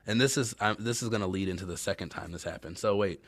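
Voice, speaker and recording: A man's voice: fairly low pitch, fast. A man hosting his own podcast, chatting casually and telling candid, self-mocking stories in a rambling way. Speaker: podcast host. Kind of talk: casual solo podcast chat.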